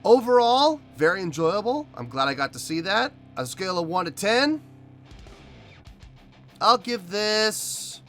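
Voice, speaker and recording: A man's voice: high-pitched, sing-song, measured pace, bright, forceful tone. A man hosting a music reaction video, talking emphatically and repeating himself as he rants.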